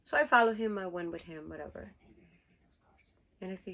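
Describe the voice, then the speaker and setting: A woman's voice: fairly low pitch, brisk, creaky, long pauses, a bit bright, rough recording. A woman from Rica, telling a rambling story casually, laughing often and swearing freely. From Costa Rica. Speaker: cruise ship worker.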